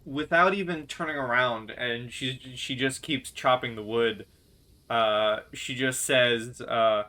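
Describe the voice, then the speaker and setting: A man narrating as game master of a tabletop role-playing game, relaxed and amused. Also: medium pitch, slow.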